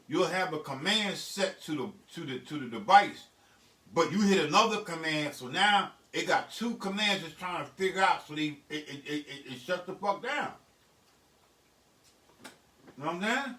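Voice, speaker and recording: A man's voice: a little high, animated, normal speed, a bit bright. A middle-aged man, a beat producer, talking bluntly and profanely in a casual studio vlog. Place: home music studio. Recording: echoey room, mic at a distance.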